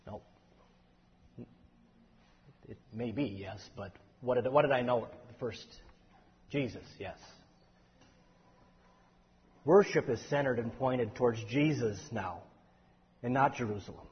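A man teaching a Bible study class, lively and explaining, calling on the group for answers. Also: medium pitch, slow, pauses often, breathy edge. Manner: animated, takes questions from the class. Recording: echoey hall, dull lo-fi sound.

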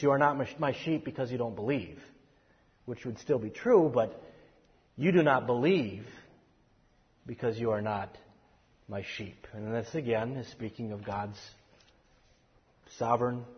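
A man's voice: medium pitch, moderate pace, pauses often, husky. A man teaching a Bible study, explaining scripture earnestly with many restarts and emphatic stresses. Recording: dull lo-fi audio with long hall reverb.

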